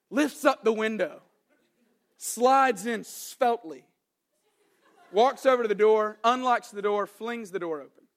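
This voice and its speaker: Young man, pastor, sermon, high voice, animated, joking storyteller.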